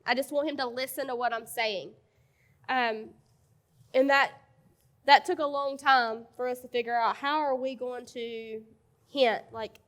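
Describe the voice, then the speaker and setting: A woman's voice: sits high, a little slow. A woman in her thirties speaking frankly to a church audience about marriage, with direct advice and laughing asides. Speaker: co-presenter at a marriage conference. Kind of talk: conversational church talk.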